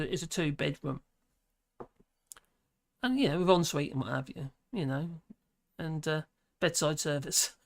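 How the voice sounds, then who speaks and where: A man's voice: a little high, a bit bright. A man from the UK hosting a live stream, chatting in a rambling way and reading viewer comments, tired and often laughing. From United Kingdom.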